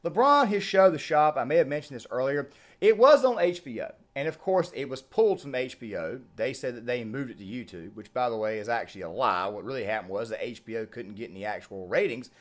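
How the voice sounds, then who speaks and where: A man's voice: medium pitch, expressive, a little fast. A man hosting an online video, giving heated, opinionated commentary on sports and politics. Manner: ranting, emphatic.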